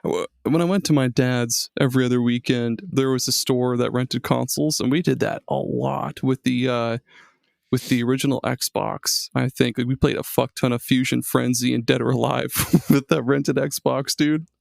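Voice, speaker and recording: Gravelly chill guy cohosting a game podcast, cussing, dry close mic. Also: medium pitch, fairly even intonation, normal speed, no room sound. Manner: laid-back, swears, says dude a lot. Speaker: podcast co-host. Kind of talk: casual chat.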